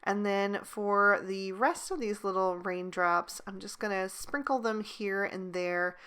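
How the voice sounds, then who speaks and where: Bright, smooth-voiced woman explaining crafts. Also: mid-range voice, unhurried. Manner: calm step-by-step explaining with fillers. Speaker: card-making crafter. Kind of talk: voice-over craft tutorial.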